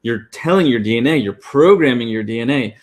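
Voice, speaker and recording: Animated and brisk, a medium-pitched man co-hosts an online class over a call. His casual teaching talk is full of fillers and restarts.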